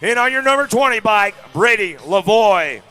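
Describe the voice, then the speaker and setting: High, bright hyped male race announcer. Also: animated, normal speed, faint music behind. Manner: hyped, calls rider lineups by bike number. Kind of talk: live race commentary. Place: outdoor BMX track.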